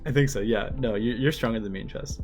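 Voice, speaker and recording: A male streamer reads a manga aloud in a loose, chatty way, at a medium pitch. He laughs often and follows Japanese lines with quick English translations. Faint music plays behind him. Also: a little mellow. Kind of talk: casual live-stream manga reading.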